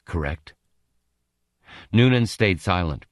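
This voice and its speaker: A man narrating an audiobook with an expressive, dramatic reading. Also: sits low, slow pace, no room sound, studio quality.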